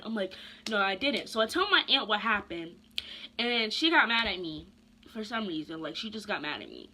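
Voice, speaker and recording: Chatting through a storytime, this young female vlogger sounds bright and crisp, pitched slightly high, with a faint hiss or hum on the recording. Her delivery is lively and casual, loaded with slang and rapid side comments.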